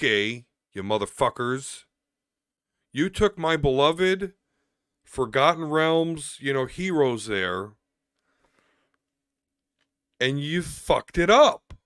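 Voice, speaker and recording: A man's voice: mid-range voice, fairly bright tone, clean tone, dry recording, clean studio sound. A man co-hosting a podcast, ranting with a lot of swearing. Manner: profane ranting. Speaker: podcast co-host. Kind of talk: casual chat.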